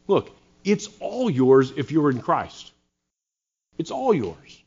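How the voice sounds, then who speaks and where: A man's voice: mid-range voice, huge pitch swings, takes it slowly, vocal fry, pauses often, darkish tone, slightly rough. Earnest male preacher, slightly muffled recording. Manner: earnest preaching with sarcastic asides. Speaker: pastor. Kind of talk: sermon.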